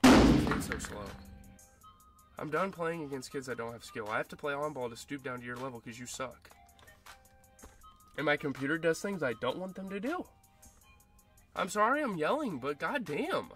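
A young man talking over his basketball video game as he plays it. His voice is bright and sharp and jumps all over his range, from low grumbling up to loud yelling at the other player. Game music plays faintly underneath. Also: lively intonation, normal speed. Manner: frustrated, swearing, yelling at opponent. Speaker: gaming YouTuber. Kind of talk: live gameplay commentary.

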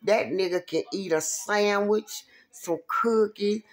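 A woman telling a profane, animated story from her street days, acting out the quotes. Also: medium pitch, slow pace. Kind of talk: casual storytelling.

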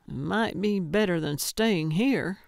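A woman's voice: lowish voice, takes it slowly, creaky, no room sound. Woman voicing a dry, sarcastic old sleuth. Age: older. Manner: deadpan, sarcastic.

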